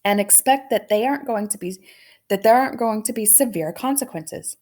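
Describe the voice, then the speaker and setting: A woman's voice: fairly high pitch, normal speed, a little mellow, close to an everyday voice. A woman voicing a stern, no-nonsense older great-aunt who scolds firmly, in a storybook read-aloud. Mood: scolding. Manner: firm and scolding.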